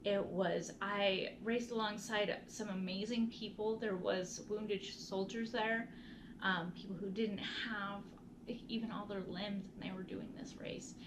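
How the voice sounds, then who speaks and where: A woman's voice: medium pitch, steady tone, measured pace, noisy background. A woman vlogger telling a personal story in a casual, earnest, heartfelt way, often restarting her sentences.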